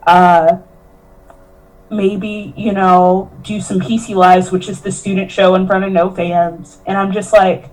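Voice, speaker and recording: A woman's voice: medium pitch, measured pace, darkish tone, low-quality recording. A woman, a professional wrestler, telling her story in a candid interview, earnest and emotional, often quoting herself and others. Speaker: professional wrestler, podcast guest.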